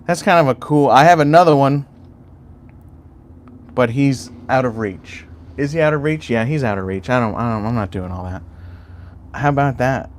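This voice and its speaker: A man's voice: medium pitch, moderate pace, pauses often, a little hiss or hum. A man hosting a casual livestream, rambling loosely and swearing freely while he chats with viewers. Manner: rambling and profane, chatting to chat. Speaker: YouTube livestream host.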